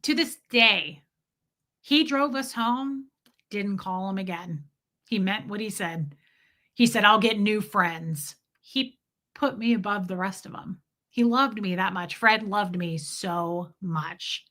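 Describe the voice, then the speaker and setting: A woman telling a personal story to her audience in a casual, animated way, swearing freely and acting out the people she quotes. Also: mid-range voice, slow pace. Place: home basement studio.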